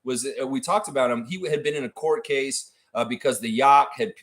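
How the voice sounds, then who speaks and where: A man hosting a casual livestream, rambling and animated as he tells a silly story. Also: mid-range voice, brisk. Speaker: livestream host.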